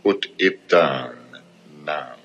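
An actor playing a cold, commanding male terrorist leader who gives slow, clipped commands. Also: rumbling low, a bit bright, husky, heavily acted. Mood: menacing. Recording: dull film audio with faint score.

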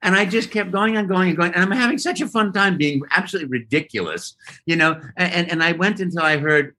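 A man guest telling a lively story in an interview and acting out voices and sounds as he goes. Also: sits high, fast. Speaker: guest voice actor. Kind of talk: animated storytelling.

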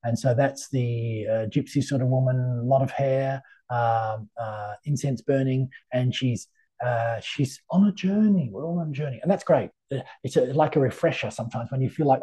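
Speaking briskly in a husky, dark voice of medium pitch, a middle-aged tarot reader chats through a casual interview. He leans on anecdotes and uses many fillers.

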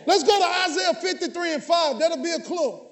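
A man preaches in a strikingly high voice, calling out to his congregation. He jokes with the pews and often rises to a shout. Long reverb from the church hall trails each phrase. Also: brisk. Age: 50s. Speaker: pastor. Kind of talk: lively sermon with jokes to the congregation.

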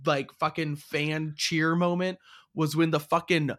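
A woman's voice: sits low, flat delivery, a little slow. A woman co-hosting a casual podcast chat, sarcastic, swearing freely and laughing often. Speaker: podcast co-host.

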